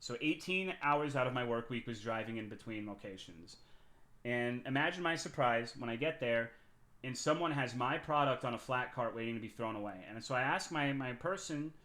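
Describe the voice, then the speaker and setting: A man's voice: mid-range voice, moderate pace, sharp tone. Profane, rambling male streamer. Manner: profane, rambling, with frequent restarts. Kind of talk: casual storytelling on a live stream.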